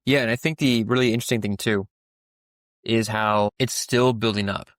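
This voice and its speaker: A man's voice: on the low side, fairly even intonation, moderate pace, no echo, clean studio sound. A young man co-hosting a podcast, talking through a Bible passage in a casual, rambling way with many restarts and fillers. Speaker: podcast co-host.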